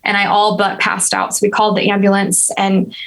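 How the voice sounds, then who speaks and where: A woman's voice: medium pitch, fairly quick, creaky, low-quality recording. A woman in her thirties, a podcast guest, telling a personal story in an earnest, reflective way. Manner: earnest, reflective, steady and even-toned.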